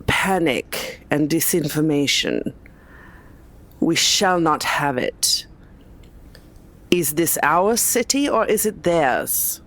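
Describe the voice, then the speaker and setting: Give me a woman playing a haughty female vampire leader in a tabletop game, low and slow. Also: heavily acted. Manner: formal, speech-making.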